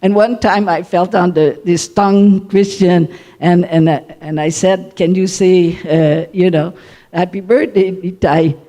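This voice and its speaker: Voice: medium pitch, steady tone, unhurried, mellow. An audience member, telling a short story with hesitation and frequent laughter. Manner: hesitant, laughs often, many "uh" fillers. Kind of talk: casual anecdote.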